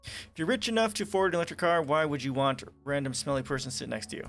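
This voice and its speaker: A man's voice: on the high side, animated, fast talker, fairly bright tone, soft background music. A man hosting a casual political livestream, reading articles aloud and breaking off into sarcastic, profane rants. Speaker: livestream host. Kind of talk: casual political commentary stream.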